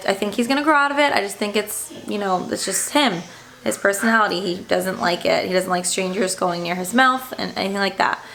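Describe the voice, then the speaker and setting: Uma mãe jovem que narra num vlog casual uma ida difícil ao dentista, em tom indignado e aflito, com muitas hesitações. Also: female voice, mid-range voice, fairly bright tone. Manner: upset, indignant retelling with fillers. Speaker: stay-at-home mom vlogger.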